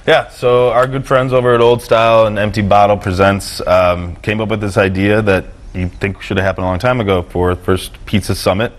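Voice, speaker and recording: A man with a very low voice, a restaurant owner guesting in a TV studio. He talks with eager, promotional energy about his event. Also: flat delivery, brisk, few pauses. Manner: enthusiastic, promotional. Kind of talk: TV interview.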